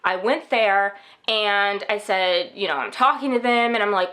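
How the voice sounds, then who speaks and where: A woman's voice: mid-range voice, unhurried, bright, forceful tone. A young American woman giving candid, casual advice in a chatty vlog monologue, full of fillers. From United States. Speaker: vlogger.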